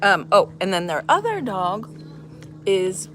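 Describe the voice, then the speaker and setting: A woman's voice: medium pitch, sing-song, slow pace, a bit bright, slight background noise. Chatty woman vlogging outdoors. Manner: chatty, talks to a dog between asides. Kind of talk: casual vlog chat.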